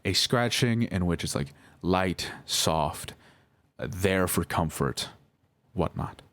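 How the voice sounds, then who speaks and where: Young man, lowish voice, rambling monologue, halting, self-correcting, swears a lot. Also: lively intonation, fairly bright tone. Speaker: vlogger responding to accusations.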